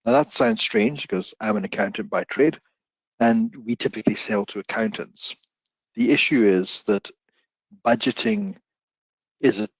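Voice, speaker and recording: A man with a South African accent presenting a business webinar, explaining things deliberately and slowly. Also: lowish voice, slightly rough, no room sound. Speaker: company founder presenting a webinar. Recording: dull lo-fi webinar audio.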